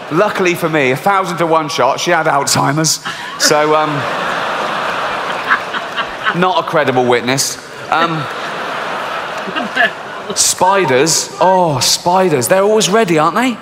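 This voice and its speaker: A middle-aged man with an English accent doing a stand-up comedy set, swearing freely and telling dark jokes in a deadpan way. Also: fairly high pitch. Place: large theatre stage. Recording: reverberant live theatre recording, faint hiss.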